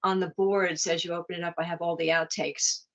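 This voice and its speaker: A woman's voice: on the low side, little pitch movement, a little fast, background noise. An older woman, a guest in a casual chat, telling anecdotes with laughter. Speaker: interview guest. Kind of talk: casual storytelling.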